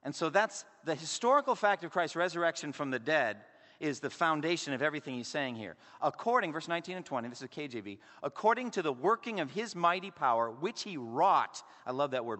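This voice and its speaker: A man delivering a sermon from the pulpit, his voice sitting a touch higher than most men's. He shifts between loud emphatic phrases and quiet drops, using dramatic pauses. The sound carries a long reverb from a large church hall. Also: animated. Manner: varies volume and pace for emphasis, dramatic pauses. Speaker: pastor. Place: church sanctuary.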